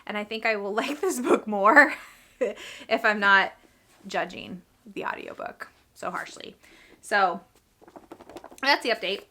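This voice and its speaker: A woman talks through her week for a reading vlog, chatty and rambling, trailing off and restarting. Her voice sits in a middle pitch with a bright, forward tone. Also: slow pace, long pauses. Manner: rambling, chatty, self-interrupting. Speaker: reading vlogger; teacher. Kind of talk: casual chat.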